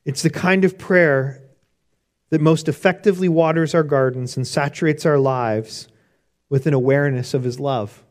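A man's voice: fairly high pitch, steady tone, moderate pace. A man preaching a sermon on prayer in an earnest, conversational way, often restarting his sentences. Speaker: pastor.

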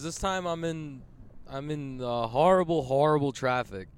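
A man's voice: a little high, lively intonation, unhurried. A swearing young guy doing a podcast while stuck in traffic, rambly and jokey, road noise from the car in the background. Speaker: podcast host. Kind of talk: casual solo podcast while driving. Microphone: large podcast microphone with headphones.

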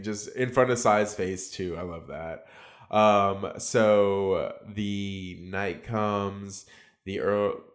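A man giving a casual, sarcastic solo recap of a reality show, full of likes and ums. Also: low-pitched.

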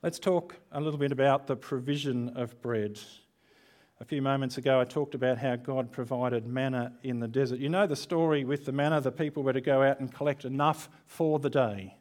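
A man's voice: mid-range voice, fairly even intonation, brisk, darkish tone. Conversational man preaching a sermon. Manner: conversational, candid, self-deprecating asides. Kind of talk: online church sermon.

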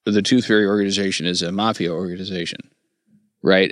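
A man's voice: deep voice, fairly even intonation, fast talker, fairly bright tone, no room sound, clean studio sound. A man talking through comedy writing in a casual panel discussion, thoughtful and a little academic. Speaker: podcast panelist.

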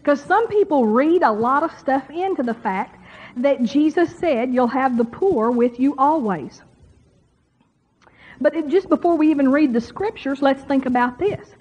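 A woman's voice: sits high, expressive, a little slow, darkish tone. A woman preaching a sermon to a congregation in a folksy, chatty way, speaking straight to the crowd. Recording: dull lo-fi sermon recording.

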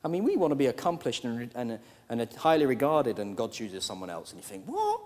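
Pastor preaching in a reverberant hall. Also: male voice, expressive, a little fast. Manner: dynamic, swings from hushed lows to loud outbursts. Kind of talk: sermon.

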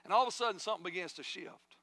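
A middle-aged male pastor preaching a sermon, building in intensity and dropping to soft hushed asides. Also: high voice, racing, gravelly, no echo.

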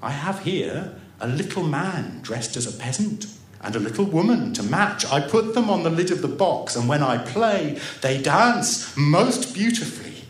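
A man's voice: on the high side, sing-song, a little slow. A man reading a story aloud and voicing a strange, ragged teenage village girl who talks in a prim, airily self-important way. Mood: haughty. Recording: roomy echo.

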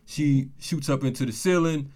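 A man's voice: mid-range voice, moderate pace, darkish tone. A man hosting a casual talk show, talking loose street slang and telling a story with heat. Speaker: podcast host. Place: Atlanta.

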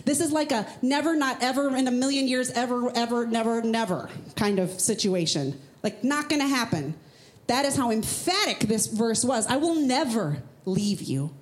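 A woman pastor preaching a sermon in church, speaking casually and with emphasis, sometimes jumping up high for rhetorical questions.

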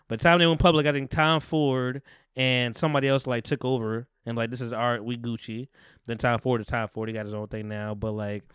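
A man hosting a podcast, retelling a movie in a rambling, animated way with casual swearing. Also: medium pitch, clean tone, no room sound, clean studio sound. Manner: rambling, animated retelling with profanity and acted-out quotes. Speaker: podcast host. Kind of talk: casual chat.

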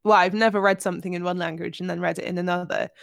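A young woman co-hosting a book podcast, her voice pitched low with a gravelly fry. She talks in a loose, chatty way, full of "like" and restarts. The recording is dry and close to the mic. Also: fairly even intonation, rapid-fire, dry recording. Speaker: podcast co-host. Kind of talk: casual book-club chat.

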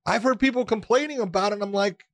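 A man's voice: high-pitched, quick pace, dry recording. A man co-hosting a casual chat, talking emphatically and ribbing his co-host while breaking down fights. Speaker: podcast co-host.

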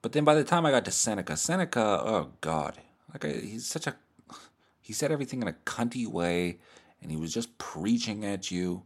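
Low-voiced profane man ranting from bed. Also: very animated, moderate pace. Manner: profane, sardonic, rambling rants. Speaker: podcast host. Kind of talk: crude comedic monologue. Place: in bed at home. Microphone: cheap or built-in mic.

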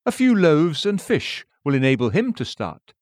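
A man's voice: on the high side, very animated, a little mellow, no room sound, clean studio sound. Earnest man reading an old sermon. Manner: measured, earnest, rhetorical questions. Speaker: preacher. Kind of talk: read-aloud sermon.

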